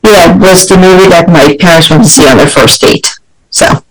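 A woman's voice: fairly low pitch, normal speed, breathy edge, rough recording. A woman co-hosting a podcast, chatting casually in an easygoing way. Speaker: podcast co-host. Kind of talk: casual chat.

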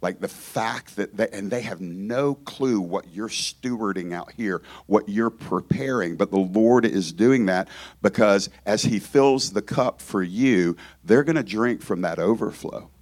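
Man, from Georgia, guest preacher in a church, lowish voice, casual joking sermon. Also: measured pace. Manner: conversational, joking, self-interrupting. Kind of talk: informal sermon.

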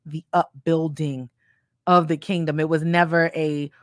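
Animated woman in a faith talk. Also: sits low, measured pace, no echo, studio quality. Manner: animated, acts out voices with frequent fillers. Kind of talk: casual faith discussion.

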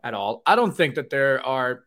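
A man's voice: mid-range voice, big pitch swings, moderate pace, a bit bright. A man co-hosting a podcast, ranting and joking with lots of swearing. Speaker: podcast co-host. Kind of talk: casual podcast banter.

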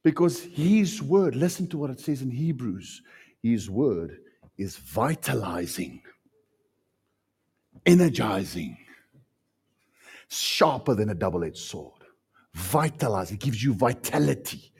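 Husky South African preacher. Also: male voice, mid-range voice, very animated, slow pace, long pauses. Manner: impassioned preaching, swinging from loud to hushed. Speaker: pastor. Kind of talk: sermon.

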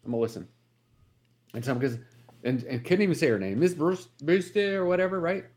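Man on morning radio, bit high voice, retelling a story and doing all the voices. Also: expressive, brisk, darkish tone. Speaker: radio morning show host. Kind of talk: casual chat.

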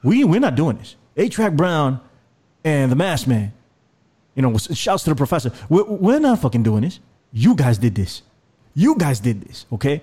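A man's voice: mid-range voice, big pitch swings, a little fast, mellow. A man co-hosting a podcast, swearing and delivering theatrical, mock-stern verdicts in comedic banter. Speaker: podcast co-host.

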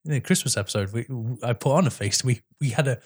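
A young British man co-hosting a casual podcast. He swears freely and laughs often. He slips into quick put-on voices when retelling film scenes. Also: medium pitch, lively intonation, slightly rough. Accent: British English. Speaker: podcast co-host. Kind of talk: casual chat.

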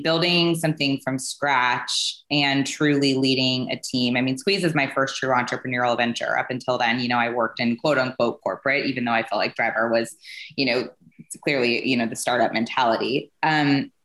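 A woman's voice: very deep voice, fairly bright tone, roomy sound. A woman from California, a company CEO, chatting as a podcast guest in a rambling way with many fillers. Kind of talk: casual interview chat.

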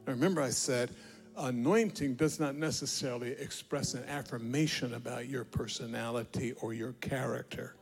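A man preaching a sermon, swinging between loud declarations and low asides as he retells scripture with acted dialogue. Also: moderate pace, faint music behind.

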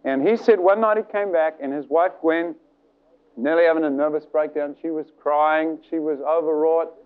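A man preaching a sermon, telling a story with animated delivery and acting out the voices in it. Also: on the high side, moderate pace, clean tone. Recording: tinny phone-like sound.

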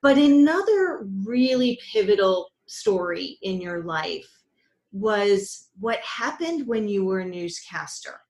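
A woman's voice: medium pitch, very animated, slow, a little mellow. Woman, podcast host, interviewing, admiring, reverberant room sound. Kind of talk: interview questions. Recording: roomy echo.

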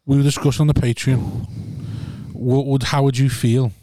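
A man's voice: medium pitch, flat delivery, moderate pace, mellow, dry recording, studio quality. A man with a Northern English accent, co-hosting a podcast with self-mocking, crude chat. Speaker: podcast co-host. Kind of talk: casual banter.

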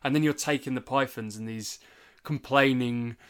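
A man's voice: mid-range voice, moderate pace, fairly bright tone, clear, resonant tone. Rambling man in casual chat. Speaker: podcast co-host.

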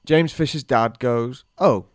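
A man's voice: mid-range voice, sing-song, normal speed, no room sound, clean studio sound. A man, co-hosting a podcast and telling a long anecdote in casual chat, acting out the people in it. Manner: rambling anecdotal storyteller, acts out quotes. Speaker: podcast co-host.

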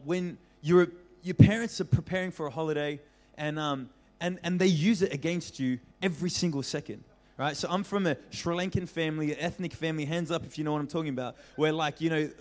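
A young man preaching as a pastor, telling a childhood story with lively acted-out voices and frequent laughter. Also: on the high side. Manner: animated storyteller, acts out voices, laughs often. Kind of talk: storytelling sermon. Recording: reverberant hall.

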